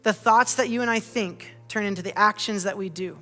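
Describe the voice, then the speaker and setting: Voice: mid-range voice, fairly quick, sharp tone, in a large hall, soft background music. A pastor giving a sermon, earnest and personal, with many rhetorical questions. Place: church auditorium.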